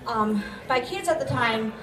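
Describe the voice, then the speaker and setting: Woman with grandchildren, winded, candid and chatty, higher voice, picked up from afar in a roomy hall. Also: expressive, measured pace, far from the mic. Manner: candid, chatty, gently joking. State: out of breath. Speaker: patient speaker. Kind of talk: public talk at an event. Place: event venue. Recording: echoey hall, mic from afar.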